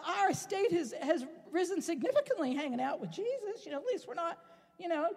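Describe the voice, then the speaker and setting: A woman's voice: extremely high pitch, a little mellow. A woman preacher voicing smug, self-important male disciples, mocking them as she speaks. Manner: smug, mocking, laughing through it. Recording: long reverb in a large hall.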